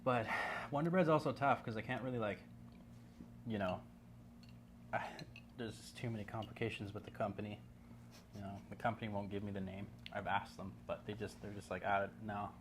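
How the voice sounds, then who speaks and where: A man's voice: fairly low pitch, fairly even intonation, brisk, long pauses, noisy background. A man with a West Coast Canadian accent, a guest talking in laid-back casual chat, rambling with lots of fillers.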